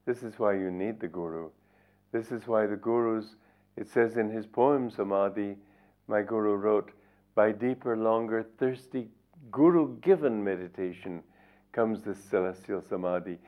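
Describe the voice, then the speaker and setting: A man's voice: lowish voice, a little slow. An older man, a spiritual teacher, reading aloud from his book and commenting in a reflective storytelling manner. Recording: tinny lo-fi recording.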